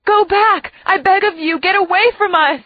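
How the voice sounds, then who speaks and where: A woman's voice: very high-pitched, normal speed, dry recording, dull audio, pitched above the performer's own voice. A woman voicing a desperate captive mother in an audiobook, pleading and frantic.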